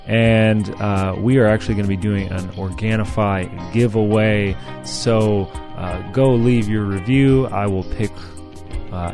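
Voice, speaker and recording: A man with a slightly low voice hosts a podcast in a relaxed, chatty way, with plenty of ums and uhs along the way. Music plays clearly behind him. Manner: relaxed, chatty, with frequent fillers. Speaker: podcast host. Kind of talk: casual podcast interview.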